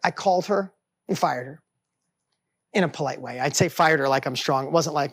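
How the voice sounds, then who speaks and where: Energetic storytelling man in his fifties. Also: a little high, fairly quick, no echo. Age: 50s. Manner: energetic, talks in bursts, acts out voices in his stories. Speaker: author and entrepreneur. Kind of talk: animated storytelling.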